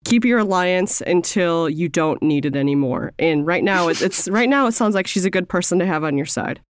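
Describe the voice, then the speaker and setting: A woman's voice: lowish voice, expressive, a little fast, no echo, studio quality. A woman co-hosting a casual chat with a stuffy nose from a cold, supportive and laughing often. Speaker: podcast co-host.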